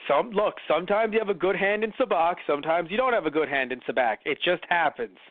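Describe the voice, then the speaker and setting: Male podcast co-host, high-ish voice, rambling and animated with quotes; dry, phone-like audio. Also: fast, slight background noise. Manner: rambling, lots of fillers and restarts, acts out quotes in changing voices. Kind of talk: casual chat.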